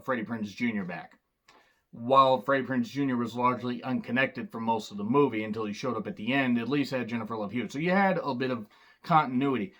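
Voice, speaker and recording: Man, mid-pitched voice, casual film review, sarcastic, wisecracking, rambling. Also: fairly bright tone. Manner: loose and rambling, with fillers and restarts. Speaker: movie reviewer.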